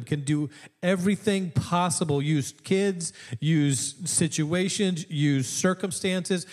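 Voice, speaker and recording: This middle-aged man preaches with a fairly high voice and an easy, talky manner. He drops in playful asides, then builds his points through emphatic, repeated lines. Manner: conversational preaching with laughing asides. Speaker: pastor. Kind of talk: sermon streamed online.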